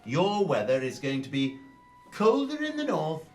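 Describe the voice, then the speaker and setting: A man rambles through an improvised comedy radio show, tripping over restarts. His pitch leaps about lively, with faint music in the background. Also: normal speed. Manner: rambling, absurd, stammering restarts.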